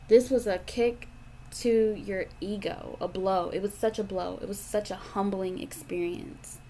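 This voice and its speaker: A woman's voice: medium pitch, fairly even intonation, a little slow, dark tone, a little hiss or hum. A woman giving a tarot reading to her audience, talking bluntly and with lots of profanity, repeating her points for emphasis. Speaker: tarot reader.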